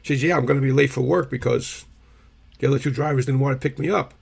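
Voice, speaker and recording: A man, co-hosting a podcast, tells rambling stories in a husky voice and keeps clearing his irritated throat. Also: mid-range voice, steady tone, fast talker. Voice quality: gravelly, husky. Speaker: podcast co-host. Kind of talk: casual storytelling chat.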